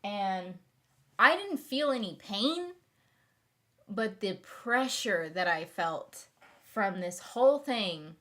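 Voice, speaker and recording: A woman's voice: medium pitch, expressive, slow pace, a bit bright. A young woman telling a long personal story in a casual vlog, rambling with fillers and restarts. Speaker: vlogger.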